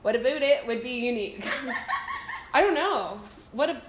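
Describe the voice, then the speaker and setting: Canadian girl vlogging, giggly and chatty, kinda high voice, echoey. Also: very animated, moderate pace, background noise. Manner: chatty, giggly, self-deprecating. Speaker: vlogger answering viewer questions. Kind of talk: casual chat. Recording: echoey room.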